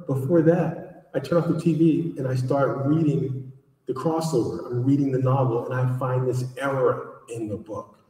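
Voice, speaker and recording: Storytelling man in an echoey hall. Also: medium pitch. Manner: animated storyteller, acts out dialogue. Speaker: author speaking at a book event. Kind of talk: storytelling talk to a live audience. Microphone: distant from the recording mic. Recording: echoey hall recorded from far off.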